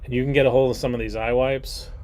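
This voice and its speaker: A man's voice: mid-range voice, fast. A man in his forties hosting an online trivia game, joking and rambling between questions. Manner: jokey, rambling asides, animated.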